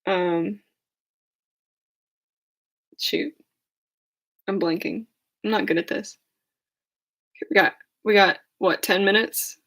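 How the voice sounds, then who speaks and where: A hoarse young woman chatting casually on a livestream, rambling and laughing at herself. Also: mid-range voice, fairly even intonation, slow, long pauses, fairly bright tone. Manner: rambling, giggly, self-deprecating. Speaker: livestream host.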